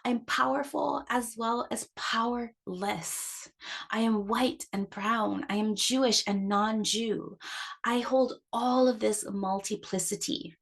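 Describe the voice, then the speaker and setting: A woman's voice: takes it slowly, gravelly. Impassioned middle-aged woman podcaster. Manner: impassioned and emphatic, with sharp rises in pitch; frank and cursing, with repeated restarts. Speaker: astrologer and podcast host. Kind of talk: personal podcast monologue.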